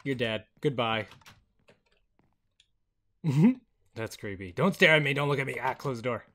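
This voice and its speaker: A man hosting a casual gameplay video on a headset mic, excitable and chatty, laughing often. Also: mid-range voice, measured pace. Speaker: gaming video host.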